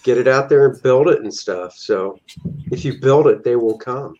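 A man hosting a podcast, relaxed, mostly asking short questions and reacting briefly. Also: medium pitch, normal speed, lo-fi sound. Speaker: podcast host. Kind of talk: casual podcast chat.

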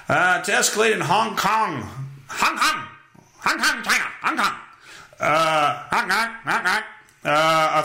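A man's voice: medium pitch, sharp tone. A man hosting a casual solo podcast, reading news aloud with crude, profane, sarcastic asides. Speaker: podcast host. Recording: echoey room.

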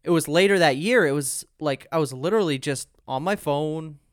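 A man's voice: fairly high pitch, normal speed, no room sound, clean studio sound. A man hosting a podcast, telling a long personal story in casual chat with some fillers. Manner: earnest storyteller, many fillers. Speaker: podcast host.

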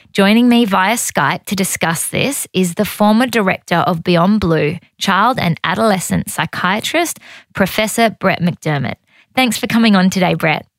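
Chatty woman with gravelly fry. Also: mid-range voice, dry recording. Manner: chatty, candid anecdotes. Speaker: podcast host. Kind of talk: casual storytelling and interviewing.

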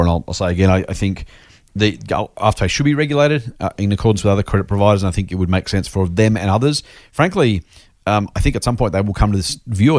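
A man co-hosting an investing podcast, talking quickly in a low-pitched voice. He is chatty and self-deprecating and often doubles back on his words. The sound is dry and close to the mic. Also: no echo. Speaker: podcast co-host. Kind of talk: casual investing podcast chat.

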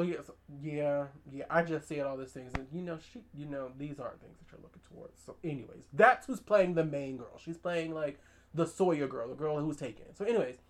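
A woman hosting a podcast, recapping a horror movie in casual chat, animated and emphatic, with slang and side comments. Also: low-pitched. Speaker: podcast host.

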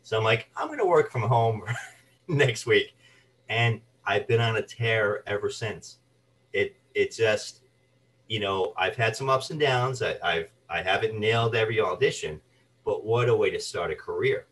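A man with a low voice recounts his acting career as a guest. He tells stories with energy and briefly puts on the voices of the people he quotes. He sits a little back from the microphone. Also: moderate pace, distant mic, rough recording. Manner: animated anecdotes, acts out quoted voices. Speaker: guest, actor and voice artist. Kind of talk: storytelling interview chat.

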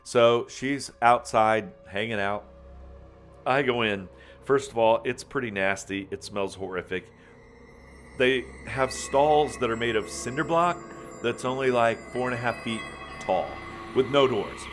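A man telling a funny personal story in a folksy, animated way, calling people man and buddy, with faint music behind him. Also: mid-range voice, unhurried. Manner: animated, bursts into loud excited retelling.

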